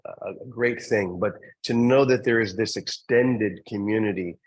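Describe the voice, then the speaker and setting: A man hosting a spiritual community session, calling on members gently and laughing often. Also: lowish voice, normal speed, no echo, low-quality recording. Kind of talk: casual warm group chat.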